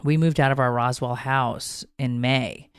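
A woman in her thirties talking in a casual co-host chat, animated and outspoken with a salty tongue. Her voice is smooth and clear, recorded close and dry. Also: rumbling low, measured pace, no room sound. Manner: animated, blunt, swears freely. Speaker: podcast co-host.

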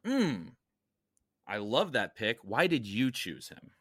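A man's voice: mid-range voice, sing-song, slow pace, a bit bright, breathy edge, no echo, studio quality. A man co-hosting a casual podcast, explaining things in an upbeat, enthusiastic way. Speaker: podcast co-host.

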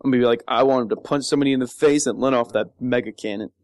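A man co-hosting a casual podcast chat, deadpan and teasing. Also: mid-range voice, rapid-fire, no room sound, studio quality. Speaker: podcast co-host.

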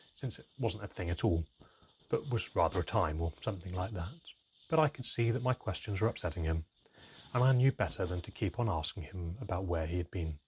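A man narrates a story in measured, scripted storytelling. His voice sits very low, and the tone is exceptionally smooth and resonant. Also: a little mellow. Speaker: audiobook narrator.

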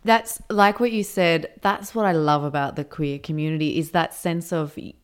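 Low-voiced woman talking about her show. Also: steady tone, moderate pace, clear, resonant tone. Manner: thoughtful, rambling, with frequent restarts and fillers. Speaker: performer and show creator being interviewed. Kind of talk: casual interview talk.

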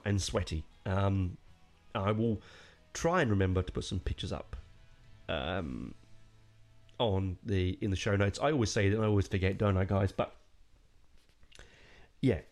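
A man's voice: fairly low pitch, a little mellow. A man hosting a podcast, casually reviewing a metal album in an enthusiastic, rambling way with jokey asides.

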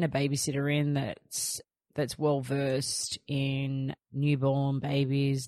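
A woman's voice: extremely low pitch, darkish tone, dry recording, clean studio sound. A woman in her thirties hosting a podcast, chatting and telling stories with rambling asides. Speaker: podcast host. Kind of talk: casual chat.

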